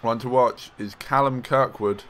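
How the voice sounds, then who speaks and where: A man casually commentating his own racing game play, excitable, joking and rambling. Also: mid-range voice, unhurried, rough recording. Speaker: games journalist playing and commenting.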